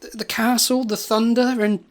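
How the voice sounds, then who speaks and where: A woman's voice: fairly high pitch, level tone, moderate pace. A woman in an improvised comedy audio drama, talking in a jittery, stammering, paranoid way. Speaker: comedy podcast co-host.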